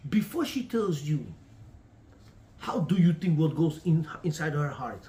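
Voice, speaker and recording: A man's voice: on the high side, big pitch swings, measured pace, mellow. A man teaching a class on marriage, preachy and emphatic, in broken English with lots of repetition. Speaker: religious teacher. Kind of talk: Torah class talk on marriage.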